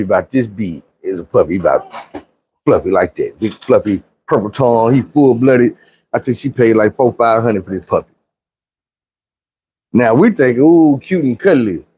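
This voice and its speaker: A man from Arkansas spins a casual storytime tale full of profane slang. His pitch swoops all over the place as he acts out everyone he quotes. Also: a little mellow, slightly rough.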